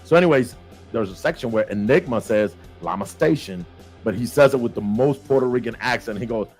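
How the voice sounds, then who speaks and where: A man hosts a relaxed livestream and calls out names with lively energy, slipping easily into Spanish phrases. Faint music plays underneath his voice. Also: mid-range voice, a little fast, husky. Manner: lively, shout-outs to viewers, mixes in Spanish phrases. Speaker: show host. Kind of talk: casual livestream chat.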